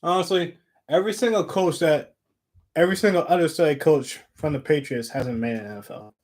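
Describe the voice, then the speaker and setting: Slightly high-voiced man bantering on a podcast. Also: brisk, darkish tone. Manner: brief agreeing murmurs, then chatty banter with laughs. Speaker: podcast co-host. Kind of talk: casual sports podcast chat.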